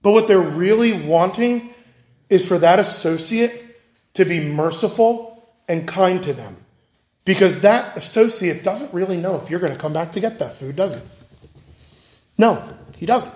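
A man preaching a sermon as pastor, emphatic and repetitive, swinging between loud stresses and hushed asides. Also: high-pitched, lively intonation, unhurried, pauses often. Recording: echoey room.

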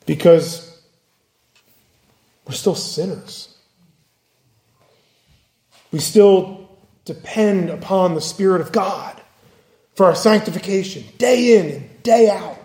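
A man's voice: sits high, slow, pauses often, darkish tone. A man preaching a sermon in an earnest way, now and then acting out the people he quotes. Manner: earnest, acts out quoted voices. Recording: echoey room.

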